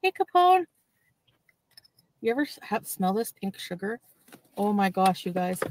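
A woman's voice: mid-range voice, very animated, measured pace, background noise. A woman live streaming, chatting casually to viewers while doing other things.

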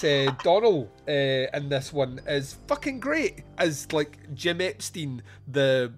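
A man's voice: fairly high pitch, sing-song, slow pace, hardly any pauses, faint music behind. A man hosting a podcast, chatting casually about a film, laughing often and swearing freely. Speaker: podcast host. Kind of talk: casual film review chat.

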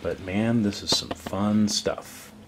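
A man's voice: on the low side, slow, background noise. A man hosting a casual coin collecting vlog, chatty and enthusiastic as he shows his pieces. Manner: relaxed, chatty, enthusiastic about coins. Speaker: coin collecting channel host. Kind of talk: casual show-and-tell vlog.

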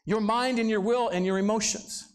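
A man's voice: high-pitched, fairly even intonation, normal speed, clear, resonant tone. A male pastor preaching a sermon in a church service, talking conversationally and throwing rhetorical questions at the congregation. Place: church sanctuary, live service.

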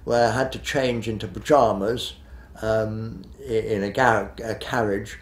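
Man in his eighties, retired director, hesitant reminiscing, low pitch, gravelly, roomy echo. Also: fairly even intonation, a little slow. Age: 80s. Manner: rambling and hesitant, with many fillers and restarts. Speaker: interviewee, retired television director. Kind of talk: reminiscing interview.

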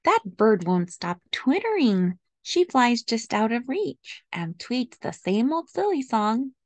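A woman voicing a moody, pampered house cat in a slow storybook reading. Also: a little high, sing-song, dry recording, heavily acted. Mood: gentle. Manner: slow, gentle read-aloud delivery.

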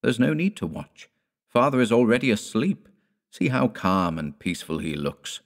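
A man voicing a gentle young village woman in an audiobook, speaking softly and coaxingly. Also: fairly low pitch, big pitch swings, normal speed, voice pushed up. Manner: soft, coaxing.

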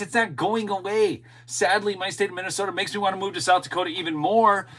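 A man's voice: sits high, steady tone, quick pace, a bit bright, rough recording. A middle-aged man hosting his own show, delivering an emphatic, opinionated commentary monologue and talking straight to his viewers. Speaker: show host and political commentator.

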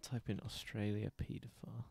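A man's voice: fairly low pitch, flat delivery, fairly quick, gravelly, dark tone, slight background noise. A man streaming prank calls, bantering crudely and joking as he goes. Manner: crude, joking, laughs at own lines. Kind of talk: casual live-stream banter.

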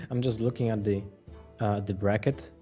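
A male co-caster with a lowish, mellow voice, chatting casually before the match. He is easygoing and agreeable and laughs often, with faint music behind him. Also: a little slow. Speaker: esports co-caster. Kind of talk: casual pre-match commentary.

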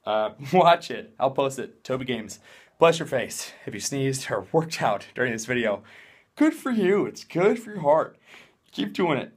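A man's voice: mid-range voice, lively intonation, a little fast, husky. A young man doing a casual vlog in a hyper, jokey, rambling way. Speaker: vlogger.

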